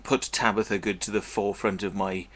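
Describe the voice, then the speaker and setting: A man's voice: fairly low pitch, level tone, a little fast, fairly bright tone. A man telling a long story in a blunt, profane, meandering way to his viewers. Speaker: vlogger. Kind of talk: casual storytelling monologue.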